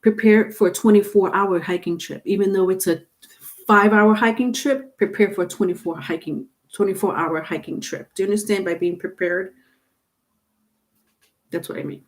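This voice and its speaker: A woman's voice: mid-range voice, fairly even intonation, normal speed. Chatty woman giving a tarot livestream. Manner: chatty, repeats herself, laughs often. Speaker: tarot reader. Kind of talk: casual livestream talk.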